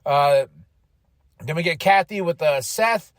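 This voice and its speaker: A man hosting a podcast, casually recapping events with animated energy, laughing often and acting out quotes. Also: fairly high pitch, takes it slowly, no room sound, clean studio sound. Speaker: podcast host.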